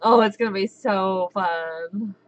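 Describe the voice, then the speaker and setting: A woman in her thirties hosting a casual live chat, giddy, giggly and excitable. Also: mid-range voice, slow pace, dull audio, a little hiss or hum. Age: 30s. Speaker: livestream host.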